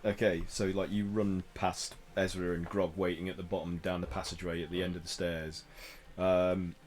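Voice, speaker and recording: A man from the United Kingdom narrating as game master, unhurried and full of ums and likes. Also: deep voice. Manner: relaxed, hesitant narration with many fillers.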